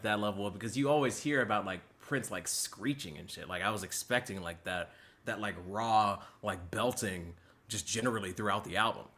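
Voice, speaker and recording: A young man giving a live album reaction as a music reviewer, chatty and leaning heavily on filler words. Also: on the low side. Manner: animated, chatty, leans heavily on "like".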